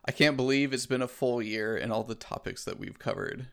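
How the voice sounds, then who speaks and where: A man's voice: mid-range voice, steady tone, brisk, clear, resonant tone. A man co-hosting a casual show, chatting with enthusiastic, friendly banter. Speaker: co-host. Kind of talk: casual podcast chat.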